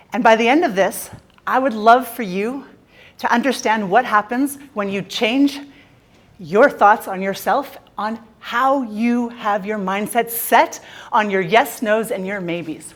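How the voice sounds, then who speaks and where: A woman's voice: on the high side, measured pace. Playful Canadian woman speaking on stage. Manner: playful, jokey, teasing the audience. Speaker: keynote speaker. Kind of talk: motivational stage talk. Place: conference stage.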